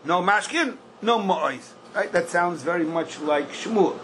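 A man's voice: high-pitched, lively intonation, a little slow, a bit bright, slight background noise, low-quality recording. An older man teaching a Talmud class, questioning in a singsong and punching key points with bursts of emphasis. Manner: questioning singsong, bursts of emphasis, Yiddish-style Hebrew terms.

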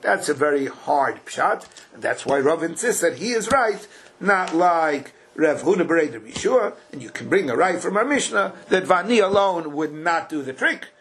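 A man's voice: on the high side, expressive, moderate pace, a bit bright. A man teaching a Talmud class. He reads the text in a chant, explains it in casual English and drives points home with rhetorical questions.

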